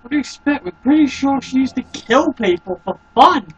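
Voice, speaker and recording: A man co-playing a game with his brother, making quiet, low-key remarks. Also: lively intonation, brisk, slightly rough, highs cut off. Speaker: co-player, brother. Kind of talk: casual gaming chat.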